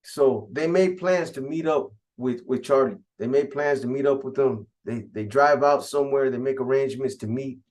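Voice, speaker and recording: A man's voice: medium pitch, moderate pace, hardly any pauses, a little mellow. A man casually recounting a prison gang story in profane street slang.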